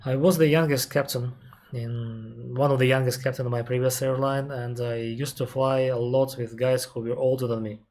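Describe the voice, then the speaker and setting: A man's voice: medium pitch, flat delivery, darkish tone. Russian-accented man explaining patiently. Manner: unhurried, explaining step by step with frequent restarts and pauses. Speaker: airline captain answering viewer questions. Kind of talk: casual live-stream Q&A.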